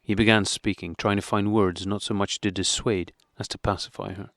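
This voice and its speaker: Low-voiced male audiobook narrator. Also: level tone, normal speed, fairly bright tone, dry recording, studio quality. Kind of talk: classic novel audiobook narration.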